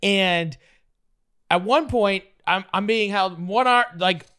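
Man guest, excitable and profane storyteller, loose and filler-heavy. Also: high voice, slow, smooth. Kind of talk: casual storytelling.

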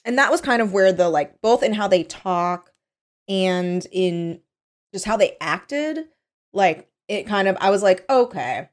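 A woman's voice: mid-range voice, animated, measured pace. A young woman co-hosting a casual chat, talking in loose run-on sentences full of "like". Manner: chatty, lots of "like". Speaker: podcast co-host.

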